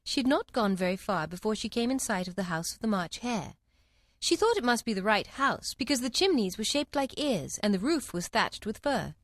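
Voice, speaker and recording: Expressive woman reading a storybook. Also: medium pitch, moderate pace, no room sound, clean studio sound. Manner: expressive, lively read. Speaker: narrator. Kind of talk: storybook narration.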